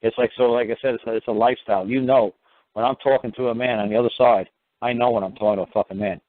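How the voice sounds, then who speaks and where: A man's voice: mid-range voice, steady tone, racing, dry recording. A man hosting a call-in show, blunt, profane and lecturing as he answers callers. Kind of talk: call-in radio talk. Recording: dry, tinny phone-line sound.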